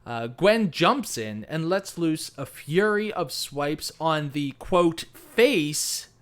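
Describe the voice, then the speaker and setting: Podcast guy geeking out over a novel, kinda high voice, laughs a lot, lots of um and like. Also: slow, clear, resonant tone. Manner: animated, laughs often, many fillers. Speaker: podcast co-host. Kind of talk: casual book discussion.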